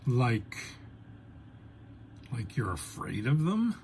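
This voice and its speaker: A man's voice: mid-range voice, huge pitch swings, very slow, darkish tone, a little hiss or hum, exaggerated voice. A man voicing the jovial male boss of a pest-control crew, hearty and coaxing, turning incredulous.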